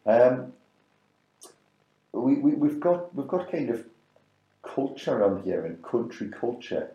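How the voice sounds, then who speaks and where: A man's voice: medium pitch, very animated, slow, reverberant, muffled recording. A middle-aged man, co-hosting a casual business chat and repeating words as he thinks aloud.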